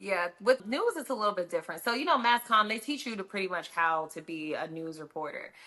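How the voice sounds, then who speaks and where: A woman's voice: mid-range voice, animated, a little fast, sharp tone. A woman who works as a radio host, a guest on a podcast, giving frank advice in casual conversation.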